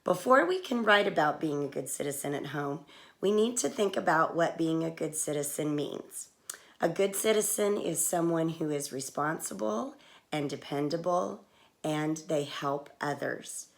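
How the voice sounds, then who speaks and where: A woman teaching a writing lesson to young children, talking slowly and patiently, with clear words. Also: low-pitched, lively intonation.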